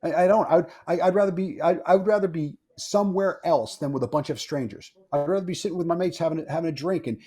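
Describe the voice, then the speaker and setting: A man's voice: on the high side, quick pace, few pauses, mellow. A man speaking as a guest on a podcast interview, blunt and opinionated, swearing freely and often repeating himself. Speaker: firearms instructor, guest.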